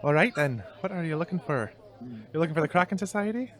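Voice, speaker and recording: A man voicing a high-pitched cat-folk woman who sells fabrics, slipping toward a Scottish lilt. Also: measured pace, lightly acted. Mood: helpful. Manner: slips back into a Scottish lilt.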